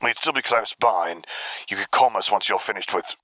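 A man reading the part of a male clone commander, dry and unapologetic, speaking slowly and deadpan. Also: fairly low pitch, no echo.

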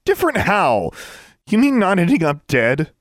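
A man's voice: medium pitch, big pitch swings, normal speed, dry recording, studio quality, voice pushed up, lightly acted. A man voicing an angry, defiant teenage witch girl in a fantasy audiobook, speaking sharply and indignantly. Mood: furious. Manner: sharp, indignant, raising her voice.

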